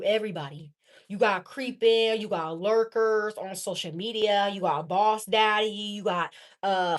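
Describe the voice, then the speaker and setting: Tarot lady just talking, cussing and laughing, kinda high voice. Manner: blunt, slangy, profane and animated, laughs often. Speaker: tarot reader. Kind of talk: casual tarot reading monologue.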